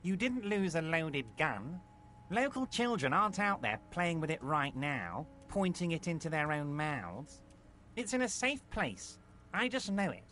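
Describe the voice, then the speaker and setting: A man's voice: fairly high pitch, sing-song, measured pace, sharp tone, slight background noise, exaggerated voice. An actor voicing a smug, overconfident male union boss in a game, with a nasal, patronizing manner. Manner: smooth, patronizing reassurance. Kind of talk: video game voice acting.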